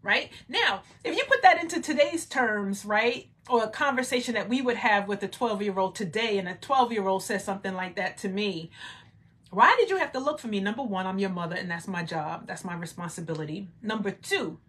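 Her medium-pitched, fairly bright voice moves fairly quickly with few pauses as she guides a Bible study. She reads scripture, comments casually, adds frequent rhetorical "right?" asides, and climbs into emphatic exclamations.

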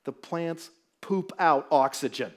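Man, middle-aged, high voice, guest pastor, humorous sermon, storytelling, church. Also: takes it slowly. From Southern California. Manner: animated, storytelling, jokes with the audience. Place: church sanctuary.

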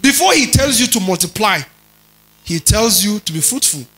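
A man preaching a teaching sermon, stretching and stressing key words, rising to loud emphasis and checking in with his listeners. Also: high-pitched, lively intonation, normal speed, poor audio. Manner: checks in with listeners, tells them to underline words.

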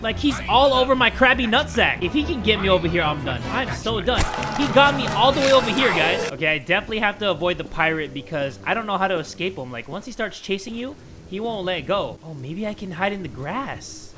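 A young man hosting video game commentary, excitable and joking, with loud outbursts. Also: high-pitched, a little fast, over music. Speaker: gaming channel host.

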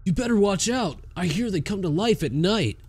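A man's voice: sits high, expressive, moderate pace, darkish tone, breathy edge, voice pushed up. A man reading out a boy who warns of killer toys at night, in a teasing, ominous way. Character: spooky boy warning of living animatronics.

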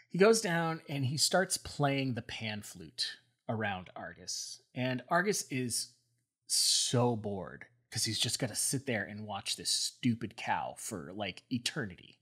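A man co-hosting a podcast who retells old myths in a playful, animated way. His voice is somewhat husky and sits at a mid pitch for a man. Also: unhurried. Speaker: podcast co-host. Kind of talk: casual storytelling.

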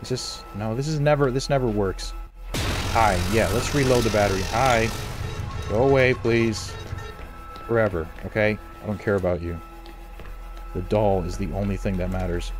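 A man doing let's play commentary on a horror game, excitable, repeating phrases over and over and swinging between low mutters and loud outbursts. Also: moderate pace, long pauses, faint music behind. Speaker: gameplay commentator.

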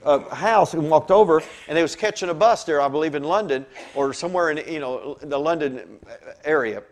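A male pastor preaching a lively sermon, telling stories and swinging between soft asides and loud exclamations. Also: fairly high pitch, moderate pace.

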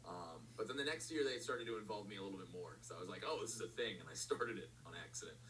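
A young man with a lowish, very lively voice talks casually about founding a school magazine, halting and full of fillers. He sits a little away from the mic, and a faint hum runs underneath. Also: far from the mic, low-quality recording. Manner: rambling, halting, laughs often, many fillers. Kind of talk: casual interview answers.

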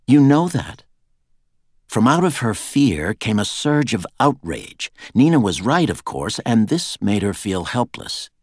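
Deep-voiced male audiobook narrator. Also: very animated, a little slow, hardly any pauses, no room sound, studio quality. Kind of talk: scripted narration.

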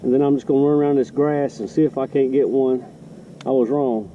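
A man's voice: mid-range voice, steady tone, fairly quick, warm tone, slight background noise. Folksy man on a lake. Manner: rambling, self-correcting, folksy. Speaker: fishing vlogger. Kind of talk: casual outdoor vlog narration. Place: kayak on a lake outdoors. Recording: distant, muffled outdoor camera audio.

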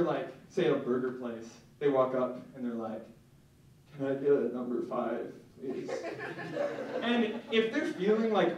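A young man performing a stand-up set in a club, self-mocking with a deadpan edge and lots of filler words. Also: a little high. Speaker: stand-up comedian. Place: comedy club stage. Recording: echoey room from far off, faint noise.

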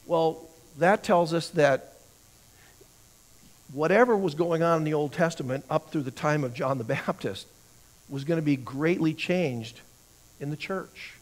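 A man's voice: on the high side, lively intonation, measured pace, long pauses. A man teaching a church Bible class, who asks the class questions, answers them himself and often repeats words while he thinks.

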